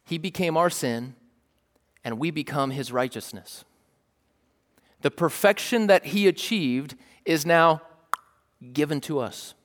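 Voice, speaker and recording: Animated man preaching in a reverberant hall. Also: on the high side, slow pace, pauses often. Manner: casual, animated preaching with crowd prompts. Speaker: pastor. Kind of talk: sermon. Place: large church hall.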